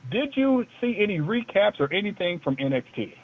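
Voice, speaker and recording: A man's voice: sits high, sing-song, fairly quick. A man co-hosting a casual talk show, rambling in a loose, joking way. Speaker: co-host. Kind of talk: casual talk-radio chat. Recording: tinny phone line.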